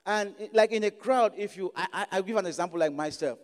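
A man's voice: high voice, quick pace. A man from Africa with an African accent, preaching a sermon in church, emphatic and repeating phrases for stress. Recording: long reverb of a large hall.

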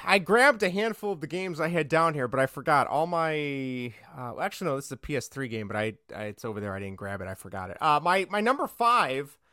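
A man co-hosting a sports podcast in casual chat, talkative and quick to laugh. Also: on the high side, big pitch swings, bright, forceful tone, no room sound, studio quality. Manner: chatty, laughs easily, restarts often. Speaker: podcast co-host.

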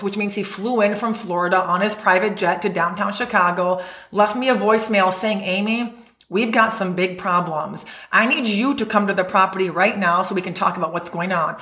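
A woman speaks in a middle-pitched voice with emphatic, energetic delivery. Her voice rings in a noticeably echoey room. She sounds like a guest giving conversational advice. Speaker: real estate investor guest.

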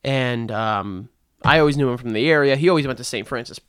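A man's voice: mid-range voice, brisk, fairly bright tone, clean tone, no echo, studio quality. A young man guesting on a drinking podcast, telling childhood stories with crude jokes and silly voices. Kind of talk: casual drinking chat.

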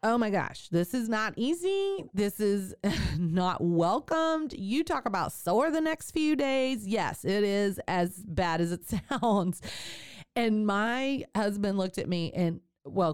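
A woman podcast host candidly telling a personal story, animated and laughing often. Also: mid-range voice, unhurried, clear, resonant tone, no room sound, clean studio sound.

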